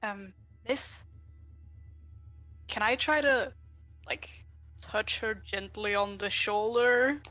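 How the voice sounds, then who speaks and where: Woman at a tabletop game, soft, timid questions, bright dry sound. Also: mid-range voice, takes it slowly, long pauses, no room sound, faint music behind. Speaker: player. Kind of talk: casual game chat.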